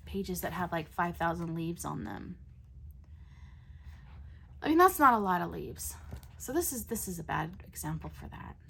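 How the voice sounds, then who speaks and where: A woman's voice: mid-range voice, fairly bright tone, slight background noise. A woman hosting a coloring channel, chatting casually with many fillers and restarts. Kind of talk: casual chat.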